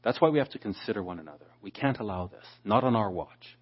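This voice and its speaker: Male preacher, low husky voice, teaches scripture and voices the quotes, muffled lo-fi recording. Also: animated, quick pace. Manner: expository, acts out quoted speakers. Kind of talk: Bible teaching. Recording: dull lo-fi sound.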